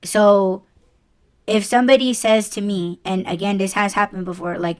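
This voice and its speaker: A woman's voice: mid-range voice, normal speed. Woman, podcast host, casual solo monologue, blunt, frank, swears freely, conversational fillers. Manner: conversational, with fillers like "like" and "you know".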